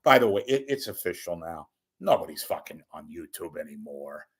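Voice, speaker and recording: An older man ranting at home in a rambling, profane, wisecracking monologue, swinging between loud bursts and muttered asides. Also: very deep voice, sing-song, moderate pace, husky. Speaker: media commentator. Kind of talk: off-the-cuff monologue.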